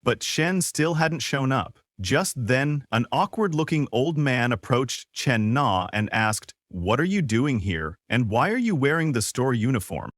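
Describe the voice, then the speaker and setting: A man's voice: mid-range voice, measured pace, hardly any pauses, no room sound, studio quality. A man narrating a recap of a comic story in a scripted storytelling style, reading the characters' lines as part of the telling. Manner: lively storytelling, quoting characters' lines in passing.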